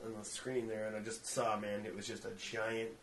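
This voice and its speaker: A man co-hosting a podcast, telling a story in casual, profane chat and acting out the quotes in high voices. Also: little pitch movement, brisk, a little hiss or hum.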